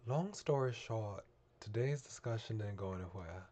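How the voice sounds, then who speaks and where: A man streaming a visual novel, reading its narration aloud in a measured, earnest way. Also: on the low side, expressive, warm tone, soft background music. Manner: measured, earnest, with small restarts.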